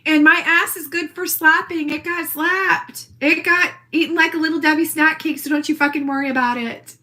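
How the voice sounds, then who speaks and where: Her voice sits high, sharp yet steady, at a normal speed. She's a social media poster delivering a defiant, profane, brash rant straight into her own rambling video.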